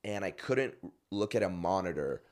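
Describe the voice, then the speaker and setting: A man's voice: deep voice, animated, moderate pace, a little mellow. A man from Arizona casually telling a long, slangy story in a podcast chat, often laughing as he talks.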